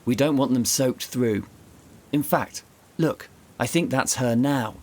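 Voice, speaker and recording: A man voicing a smooth, relaxed wealthy gentleman with a deep, purring Persian accent, calm and amused. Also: takes it slowly, a little hiss or hum, natural voice.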